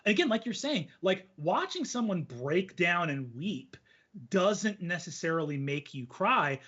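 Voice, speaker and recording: A man hosting a casual conversation about storytelling, talking in an animated, rambling way with lots of fillers. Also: high voice, a little slow, breathy edge, lo-fi sound. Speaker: host.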